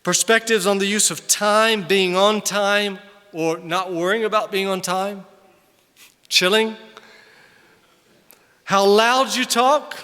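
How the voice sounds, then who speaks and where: An older man, a missionary, giving an animated conference sermon, loud on emphasis and quiet in asides. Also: high voice, slow pace, pauses often, smooth. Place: large hall. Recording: long hall reverb from a distance.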